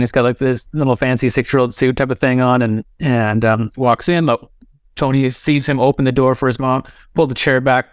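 A man hosting a podcast, retelling an anecdote in a relaxed, casual way with many fillers. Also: medium pitch, clean tone, no room sound, studio quality. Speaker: podcast host. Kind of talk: casual storytelling.

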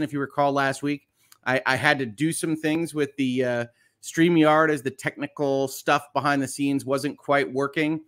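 A man's voice: a little high, steady tone, normal speed, fairly bright tone. A middle-aged man, hosting a casual morning live stream in an upbeat, chatty way with many fillers. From United States. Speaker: host.

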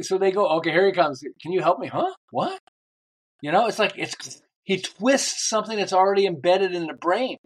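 Older male guest, lively storyteller, voices the people in his anecdotes, a bit higher than most men. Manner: animated storyteller acting out quoted lines. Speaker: guest, book author. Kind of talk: storytelling in a podcast interview.

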